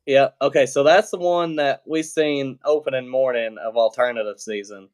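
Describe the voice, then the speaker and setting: A man's voice: mid-range voice, moderate pace. A man talking as a podcast guest, telling a story in a loose, plainspoken way with lots of fillers and restarts and the odd swear word. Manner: relaxed, plainspoken, swears casually. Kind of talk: casual storytelling.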